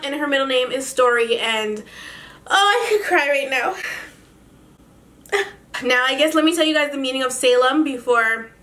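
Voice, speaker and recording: A woman's voice: fairly high pitch, a bit bright. A young woman chatting candidly to her camera as a vlogger, talkative and swearing casually. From Canada. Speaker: beauty vlogger.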